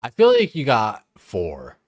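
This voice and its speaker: A man's voice: mid-range voice, huge pitch swings, measured pace, no echo, clean studio sound. A young man chatting casually and profanely on a game stream, laughing often. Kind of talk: casual live-stream chat.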